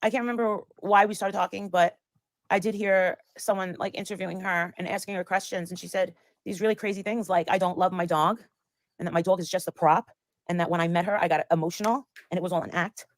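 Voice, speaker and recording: A woman's voice: fairly low pitch, fairly even intonation, fast talker, no room sound. A woman telling a story in casual chat, rambling and acting out the lines of the people in it. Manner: rambling, acts out quoted lines. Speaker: guest storyteller.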